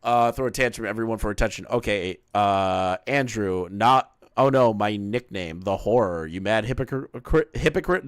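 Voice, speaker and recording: A man's voice: fairly low pitch, moderate pace, few pauses, clean tone, no echo, studio quality. A man giving casual live-stream commentary, reading messages aloud with sarcastic, mocking asides.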